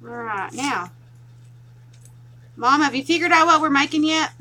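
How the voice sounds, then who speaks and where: This craft tutorial host from Tennessee chats and laughs freely in a strong Southern twang while showing viewers a project. Her high voice is expressive, unhurried, and sharp-toned, though the audio is poor.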